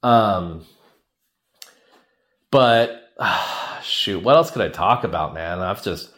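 A man's voice: deep voice, expressive, takes it slowly, fairly bright tone. A man hosting a casual solo podcast, rambling and joking, laughing often and calling listeners "man" and "baby.". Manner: playful, says "man" and "baby" a lot. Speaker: podcast host.

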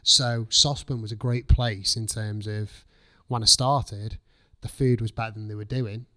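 A man's voice: fairly low pitch, steady tone, a little slow, pushed and bright. A man, a chef chatting as a guest, telling his story casually, swearing freely and acting out his own past thoughts. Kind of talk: casual podcast chat.

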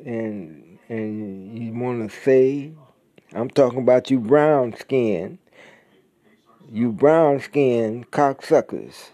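A man delivering an angry, profane monologue as a podcaster, blunt and mocking, leaning hard on drawn-out words. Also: mid-range voice, warm tone, dry recording.

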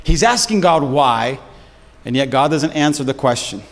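A man's voice: medium pitch, animated, moderate pace. A man preaching a sermon as pastor, storytelling in casual slang and with animation. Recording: long hall reverb.

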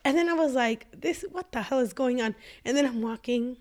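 Chatty woman w a really high voice, podcast mic, laughs a lot. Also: fairly quick, a little mellow. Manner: chatty, reactive, laughs often. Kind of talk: casual chat. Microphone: studio microphone.

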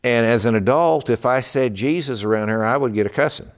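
A man's voice: medium pitch, a little fast. A man from Texas preaching a midweek sermon in a fervent, emphatic way. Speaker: pastor.

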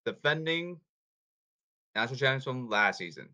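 A man talks casually to his viewers in an animated, sing-song voice that swoops up and down. He rambles, repeats phrases and hops from one topic to the next. The recording sounds dull and lo-fi. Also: mid-range voice, normal speed. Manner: repetitive, jumps between topics. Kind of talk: casual rambling talk to camera.

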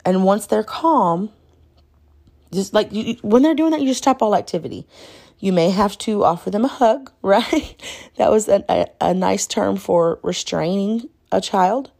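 A woman hosting an instructional podcast, talking calmly and conversationally, repeating key points and often checking in with "right?". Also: mid-range voice, measured pace, vocal fry. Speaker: podcast host teaching caregivers.

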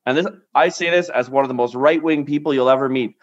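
A man's voice: mid-range voice, fast talker. A man hosting a podcast chat, emphatic and punchy, often checking in with "right?". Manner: emphatic, talks in bursts with lots of "right?". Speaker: podcast host. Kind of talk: casual conversational interview. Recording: dull lo-fi sound.

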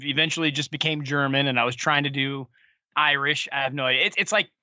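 Eager chatty man with bright voice. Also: mid-range voice, fast talker, no room sound, muffled recording. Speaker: visiting podcast host. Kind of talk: casual podcast chat.

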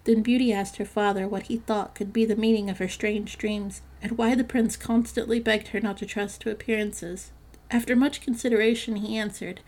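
A woman narrating a classic fairytale in a measured storybook reading. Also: mid-range voice, steady tone, a little mellow.

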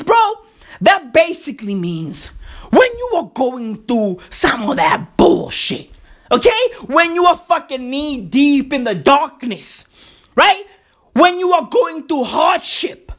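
A woman's voice: high voice, sing-song, a little slow. A woman delivering a profane comic rant, emphatic and repetitive, swearing heavily and calling the listener "bro".

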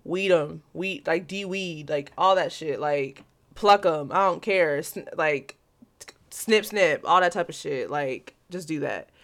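A woman's voice: deep voice, slow, fairly bright tone. A young adult woman hosting a solo podcast, ranting bluntly and profanely with constant "like" fillers. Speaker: podcast host. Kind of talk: casual solo podcast rant.

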